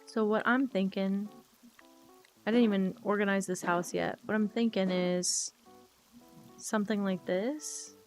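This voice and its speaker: A woman's voice: mid-range voice, fairly even intonation, unhurried, long pauses, faint music behind. A woman streaming a game, chatting casually and emotionally with viewers while she plays.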